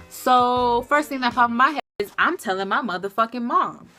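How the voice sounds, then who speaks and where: A young woman telling a storytime vlog in an animated, profane, emphatic way. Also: a little high, normal speed, hardly any pauses, faint music behind. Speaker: vlogger.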